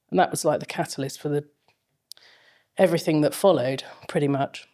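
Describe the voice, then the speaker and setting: A woman's voice: deep voice, steady tone, fairly quick, creaky, darkish tone. A middle-aged woman, a fashion film lecturer, telling long rambling stories with many fillers as an interview guest. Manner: rambling anecdotal storytelling with frequent fillers. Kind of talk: casual interview chat.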